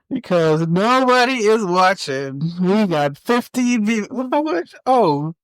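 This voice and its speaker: A man's voice: high-pitched, no room sound. A young man co-hosting a casual podcast, joking and provocative in slangy speech. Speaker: podcast co-host.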